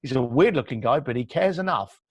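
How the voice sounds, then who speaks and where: A man's voice: mid-range voice, expressive, fairly quick, dry recording, studio quality. A man being interviewed on a podcast, telling stories and giving blunt advice while acting out quoted dialogue. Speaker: entrepreneur guest. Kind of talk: animated storytelling advice.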